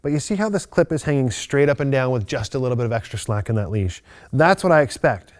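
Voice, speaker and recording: Calm instructional male dog trainer. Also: mid-range voice, fast. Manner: calm, methodical explanations with upbeat praise to the dog. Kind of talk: instructional video demonstration.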